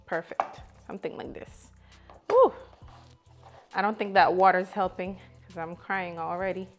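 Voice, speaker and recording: A woman's voice: lowish voice, little pitch movement, moderate pace, faint music behind. A woman hosting her own cooking channel, chatting to viewers as she walks through a recipe step by step. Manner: chatty, talks straight to viewers as "you guys". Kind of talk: casual cooking tutorial.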